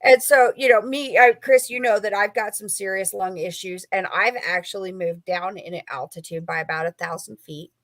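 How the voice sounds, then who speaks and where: A woman's voice: mid-range voice, fairly even intonation, moderate pace, few pauses, fairly bright tone, no echo. A woman author talking as a guest, rambling through a story with lots of fillers. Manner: rambling, filler-heavy, chatty. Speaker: author and paranormal investigator guest. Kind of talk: casual storytelling interview.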